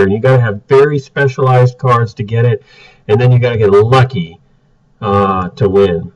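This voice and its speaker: A man's voice: medium pitch, moderate pace. A man giving blunt, exasperated casual commentary as he reviews card game decks. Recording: muffled, distant from the mic.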